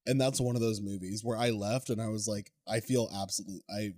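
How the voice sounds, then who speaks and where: A man's voice: fairly low pitch, steady tone, a little fast, a little mellow, husky. A man co-hosting a podcast, chatting casually and laughing often. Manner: laughs often, playful banter. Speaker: podcast co-host. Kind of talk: casual chat.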